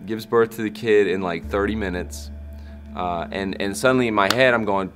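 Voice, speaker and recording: A man in his thirties, a Christian hip hop artist, telling a personal story in an interview with animated shifts as he acts out what people said. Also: on the low side, moderate pace, soft background music. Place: backstage at a concert.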